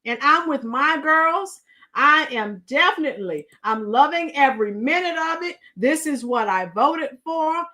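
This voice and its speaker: A middle-aged woman with a high, bright voice hosts a casual livestream. She chats with her viewers and greets them as they arrive. Her voice is a little strained from shouting earlier. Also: lively intonation, a little slow. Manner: chatty, greets commenters, breaks into song. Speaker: livestream host.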